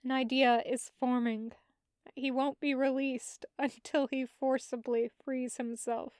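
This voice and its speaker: Podfic narrator, woman, high voice, tender unhurried delivery. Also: level tone, darkish tone, smooth, dry recording, clean studio sound. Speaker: podfic reader. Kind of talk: audiobook narration of fan fiction.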